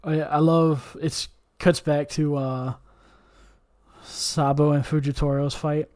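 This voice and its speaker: A man's voice: fairly high pitch, level tone, slow, darkish tone. A man hosting a casual podcast chat, rambling with lots of fillers and swearing. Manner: rambling, heavy on fillers and profanity. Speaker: podcast host.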